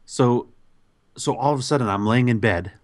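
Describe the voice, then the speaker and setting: A man on a podcast telling a story in a casual, animated way, with many fillers and restarts. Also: medium pitch, normal speed, slight background noise. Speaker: podcast host.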